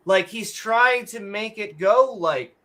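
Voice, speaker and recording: Blunt, sarcastic woman with a bright voice. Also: medium pitch, slow. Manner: blunt, sarcastic, swears freely. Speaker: podcast co-host. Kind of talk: casual ranting chat.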